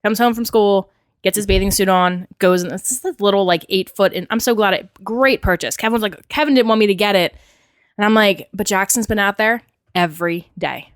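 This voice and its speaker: A chatty woman in relaxed conversation, her voice sitting at an ordinary middle pitch. She rambles along with lots of fillers. The sound is dry and close, from a studio mic. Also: a little fast, no echo. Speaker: podcast co-host. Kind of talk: casual chat.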